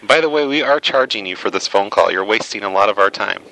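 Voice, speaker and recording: A man's voice: on the low side, expressive, fast talker, gravelly, sharp tone, no echo, full character voice. A man playing a rude, bored hotel desk manager on a prank phone call, mocking and dismissive. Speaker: prank caller.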